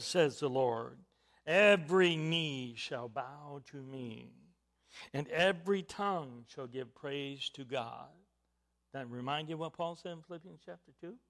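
A man with a high voice preaches a sermon at an unhurried pace. His delivery swings from hushed, nearly whispered phrases to loud, emphatic declarations. He stresses key words and puts questions to his listeners.

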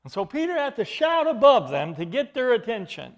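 A man preaching an expository sermon, emphatic, with his voice rising into loud bursts. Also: extremely high pitch, big pitch swings, a little fast.

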